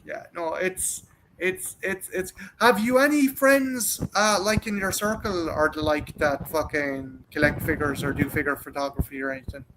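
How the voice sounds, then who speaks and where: A man in casual chat, cursing a lot and joking loudly. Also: a little high, moderate pace, slight background noise, poor audio. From Ireland. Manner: loud, profane, joking.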